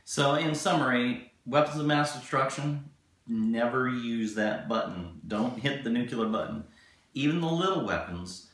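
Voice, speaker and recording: A man's voice: mid-range voice, expressive, fairly bright tone. Earnest man in an echoey room. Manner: earnest, coaching tone, slows for key points. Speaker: relationship video co-host. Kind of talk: casual advice talk.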